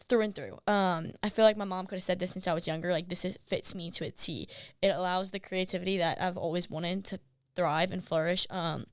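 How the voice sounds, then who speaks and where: A woman's voice: fairly low pitch, no room sound, clean studio sound. Young woman, upbeat. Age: 20s. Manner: relaxed, upbeat, lots of "um" and "right?". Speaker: guest, bakery owner. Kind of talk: casual interview answers.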